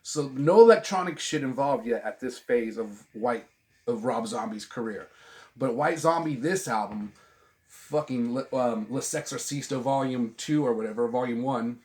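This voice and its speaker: A man's voice: mid-range voice, normal speed, darkish tone. A middle-aged man hosting a vinyl channel, chatting casually from home about albums, rambling, swearing often and restarting his sentences. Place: at home with a dog. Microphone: camera on a tripod.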